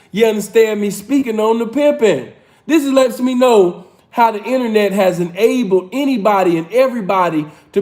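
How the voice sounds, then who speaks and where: Male reaction streamer, high-pitched, street slang, preachy and emphatic. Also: a little mellow. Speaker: livestream reaction host. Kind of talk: casual reaction commentary.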